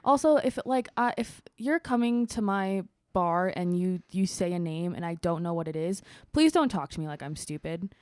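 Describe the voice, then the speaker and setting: Woman bartender on a podcast, telling stories all animated, acting out customers, dry close mic. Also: fairly low pitch, moderate pace, hardly any pauses, no room sound. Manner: animated storyteller, acts out customers with laughs. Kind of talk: casual chat.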